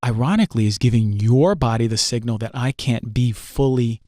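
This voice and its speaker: A man's voice: mid-range voice, moderate pace, warm tone, no room sound. Earnest man in a dry recording. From New Jersey. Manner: emphatic, repeats phrases, frequent "right?". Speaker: podcast guest. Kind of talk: earnest conversational teaching.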